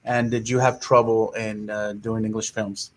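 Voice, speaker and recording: A man hosting a radio interview, asking questions in a halting way with many fillers. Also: fairly low pitch, little pitch movement, very noisy. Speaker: radio host. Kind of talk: casual interview chat.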